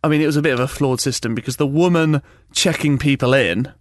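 A young man telling a funny story in a casual chat, animated and laughing often as he acts out quotes. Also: mid-range voice, fast, dry recording, clean studio sound.

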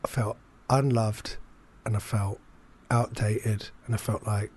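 A man's voice: on the low side, steady tone, a little slow, darkish tone, a little hiss or hum. A man, telling a rambling, self-deprecating story in casual chat, full of fillers and restarts. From England.

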